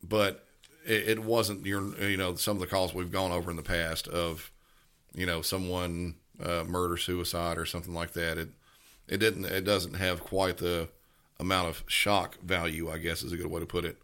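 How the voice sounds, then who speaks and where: A man co-hosting a podcast, telling work stories in a casual, halting way with many restarts. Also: low-pitched, little pitch movement, a bit bright. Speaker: podcast co-host, police dispatcher. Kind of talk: casual storytelling.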